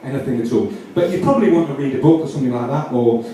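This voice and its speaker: Yorkshire man, deadpan comic patter, rambling and self-correcting, mellow tone, echoey room, heard from a distance. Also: mid-range voice, rapid-fire. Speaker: comedian. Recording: roomy echo, distant mic, faint noise.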